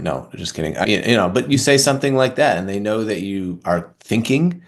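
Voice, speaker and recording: A male oral surgeon guest on a podcast, speaking in a relaxed, reflective way with frequent fillers. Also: low-pitched, moderate pace, hardly any pauses. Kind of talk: conversational podcast interview.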